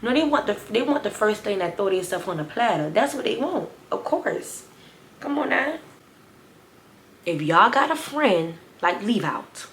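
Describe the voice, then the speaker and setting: A woman in her twenties telling a storytime vlog to her viewers, sassy and animated. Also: mid-range voice, measured pace, a little hiss or hum. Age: 20s. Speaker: vlogger. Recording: roomy echo.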